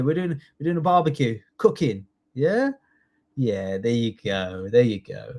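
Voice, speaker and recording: A man's voice: mid-range voice, very animated, moderate pace, a little mellow. Guy in his 30s doing a live online quiz class, chatty, jokey, reads out the options, cheers students on. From United Kingdom. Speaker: citizenship test tutor.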